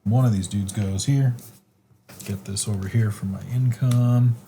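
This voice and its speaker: A man playing a board game, thinking his move through out loud with fillers and hedges. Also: fairly low pitch, steady tone, measured pace, a little hiss or hum. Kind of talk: casual tabletop game play.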